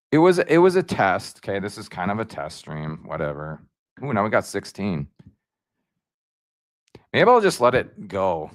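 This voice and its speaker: A man hosting a casual livestream, rambling and slangy, jumping up in pitch when he gets excited. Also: dry recording, studio quality. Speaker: YouTube livestream host.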